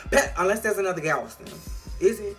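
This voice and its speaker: A man giving a casual, sassy recap of a TV episode, outspoken, playful and quick with profanity. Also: sits high, expressive, a bit bright, faint music behind. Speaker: TV show reviewer.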